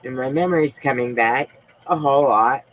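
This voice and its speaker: A woman live streaming from home, talking in a soft, halting, confiding way with frequent pauses. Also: extremely low pitch, poor audio. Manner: emotional and confiding. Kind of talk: casual live-stream chat.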